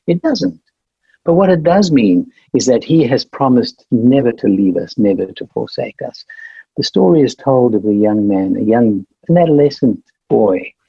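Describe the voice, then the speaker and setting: A man with a gravelly, husky voice gives a devotional, telling a story with earnest feeling before easing into a slow prayer. The sound is dry and a little dull, like lo-fi webinar audio. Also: medium pitch, no room sound. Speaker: speaker giving a devotional and prayer.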